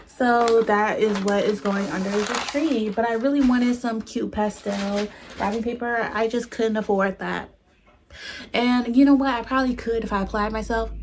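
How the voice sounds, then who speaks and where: A young woman chatting casually to her phone camera as a vlogger, self-teasing and sometimes dropping to a hush. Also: fairly high pitch, background noise. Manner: chatty and self-teasing, drifting to hushed tones. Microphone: phone front camera.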